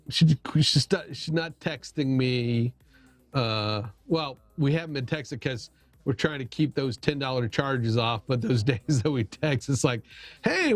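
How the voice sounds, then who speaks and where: A middle-aged man hosts a casual livestream chat in a slightly high voice, rambling, poking fun at himself and restarting his sentences a lot. The recording is dry.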